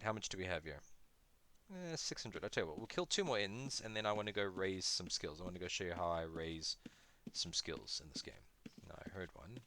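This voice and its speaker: A gaming video host chats casually while playing, making jokes at his own expense and talking to the creatures he fights. His voice is low-pitched with a sharp tone, and there's slight background noise.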